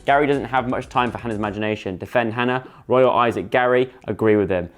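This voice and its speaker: A man's voice: fast, hardly any pauses, soft background music. A young man, reading a story game aloud and commenting, jumping into character voices. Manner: animated, voices each character with big pitch jumps. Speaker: gaming YouTuber.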